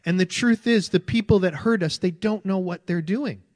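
A man's voice: high voice, moderate pace, a little mellow, no room sound, clean studio sound. A man preaching a sermon in an earnest, conversational way, often repeating his phrases. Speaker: pastor.

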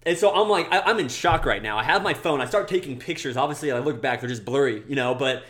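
Young male co-host, casual storyteller, everyday middle voice, animated. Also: fast. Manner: animated, acts out quoted people in a high voice. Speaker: podcast co-host.

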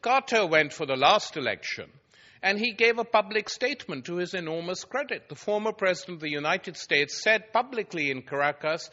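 A man's voice: sits high, animated, brisk, bright, forceful tone, dull audio. A man giving a public lecture before an audience, telling anecdotes with wry, dry irony.

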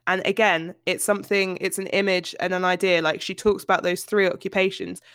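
A woman's voice: on the low side, flat delivery, brisk, fairly bright tone, no room sound, studio quality. A woman co-hosting a podcast, talking animatedly about a book and laughing often. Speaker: podcast co-host. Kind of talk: casual book discussion.

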